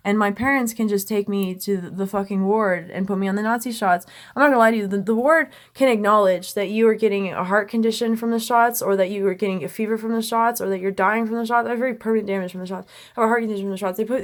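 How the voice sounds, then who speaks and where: A woman delivers a rapid monologue to the camera from her bedroom. She swears freely and leaps from one thought to the next. Her voice sits mid-range and the sound is dry and close, with no room echo. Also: mid-range voice. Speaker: vlogger.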